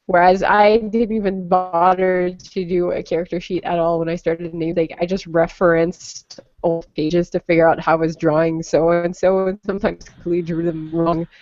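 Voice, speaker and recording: A woman's voice: lowish voice, flat delivery, normal speed, few pauses, a little mellow, no room sound, faint music behind. Brief: chatty woman moderator on a lo-fi call mic, dry and dull. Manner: chatty, apologetic, self-deprecating. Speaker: panel moderator. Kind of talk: casual online panel chat. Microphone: cheap computer microphone on a call. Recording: dull lo-fi cheap microphone.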